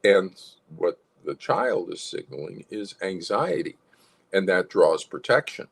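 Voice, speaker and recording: This man, a psychologist running an instructional livestream, has a low, husky voice with vocal fry and speaks a little slowly. He's animated, chuckles often, and acts out different tones of voice as he talks.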